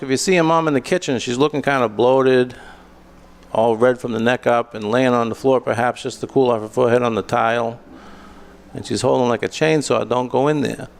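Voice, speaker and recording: Man, middle-aged, gravelly voice, deadpan, stand-up storytelling host. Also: mid-range voice. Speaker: comedy show host.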